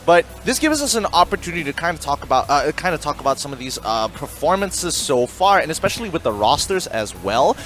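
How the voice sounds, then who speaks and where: A man's voice: a little high, brisk, hardly any pauses, soft background music. A man casting an esports stream from the casters' table, bantering playfully and laughing often. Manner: animated, laughs a lot, playful. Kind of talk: casual esports commentary banter. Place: caster desk at an esports broadcast.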